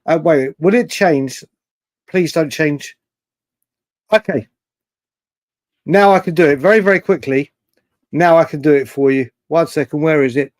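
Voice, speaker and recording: A man hosting a late-night fan livestream, chatting excitably and reading out viewer comments. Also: on the high side, measured pace, pauses often, dry recording. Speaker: livestream host.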